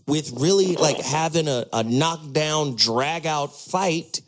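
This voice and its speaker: Male radio host, higher voice, animated delivery, faint music bed. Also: slow pace. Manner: emphatic, profane, playful. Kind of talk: casual talk radio.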